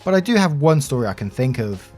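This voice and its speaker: A man reading Reddit stories aloud in an expressive, animated narration. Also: mid-range voice, fairly quick. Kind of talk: scripted story narration. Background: soft background music.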